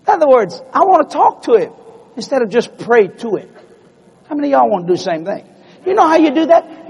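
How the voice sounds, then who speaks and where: Male preacher, folksy storyteller, raspy voice in a reverberant hall. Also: high-pitched, dull audio. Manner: folksy, animated, acts out dialogue. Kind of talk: storytelling sermon.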